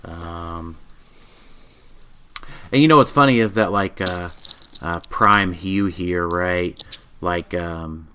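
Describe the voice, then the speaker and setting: A man co-hosting a podcast, reviewing game pieces in casual chat, halting and full of ums, a bit tired. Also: low voice, sharp tone, a little hiss or hum. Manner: halting, many ums, reads card stats aloud. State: yawning, tired. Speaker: podcast co-host.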